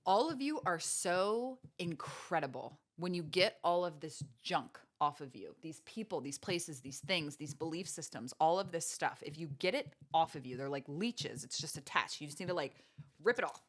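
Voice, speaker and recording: A woman hosts a motivational podcast on a close mic, talking with earnest, preachy conviction. Her voice sits a little low for a woman, and she presses her points with a stream of rhetorical questions. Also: animated, moderate pace. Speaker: podcast host. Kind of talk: motivational faith-based podcast talk.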